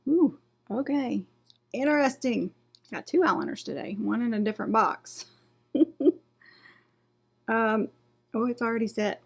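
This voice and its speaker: A woman's voice: fairly high pitch, measured pace, vocal fry, long pauses. A woman doing a casual beauty unboxing vlog, reading product blurbs aloud and trailing off and restarting as she goes. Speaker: beauty vlogger.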